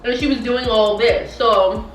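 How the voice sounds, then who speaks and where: Young woman, slangy emphatic storytelling, slightly high voice, off-mic, echoey room. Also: steady tone, measured pace, recorded from a distance. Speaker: vlogger. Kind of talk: storytime vlog while eating.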